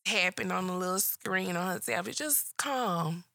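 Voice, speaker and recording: A woman co-hosting a casual podcast chat, telling animated stories and acting out other people's voices. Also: fairly low pitch, a little slow, vocal fry, no room sound, studio quality. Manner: animated storytelling with acted-out voices. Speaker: podcast co-host.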